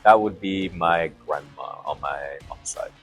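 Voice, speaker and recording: A man, a company chief, talking in a relaxed, thoughtful way as a guest in an interview. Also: a bass voice, gravelly, soft background music. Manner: thoughtful, reflective, with pauses and restarts. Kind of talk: casual interview chat.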